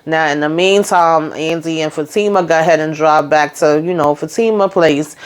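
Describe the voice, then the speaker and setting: Animated woman recapping a TV episode. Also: moderate pace, smooth. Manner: animated retelling, acts out quotes with rising pitch. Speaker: TV recap YouTuber.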